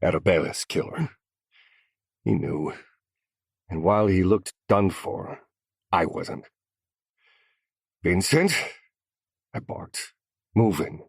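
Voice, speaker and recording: A man's voice: sits low, slow, vocal fry, long pauses, breathy edge, no echo, studio quality. A man narrating a first-person crime story in scripted audiobook style, with a menacing, growling delivery.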